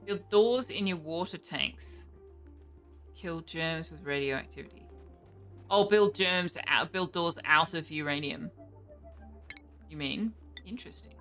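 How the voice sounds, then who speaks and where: A young woman talks her way through a game on a live stream, thinking aloud and reacting with quick surprise. Her voice sits fairly low, yet it has a bright, forceful edge, with faint music playing underneath. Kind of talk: casual live gameplay commentary.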